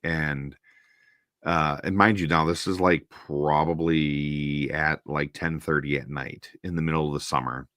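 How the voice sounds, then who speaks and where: A low-voiced man from Minnesota telling a winding story with lots of fillers and false starts. He is close to a dry mic with no room sound, and he throws himself into quoting the people in the story. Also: measured pace, dry recording. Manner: rambling, animated anecdote with quoted voices. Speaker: host. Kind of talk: casual storytelling on a stream.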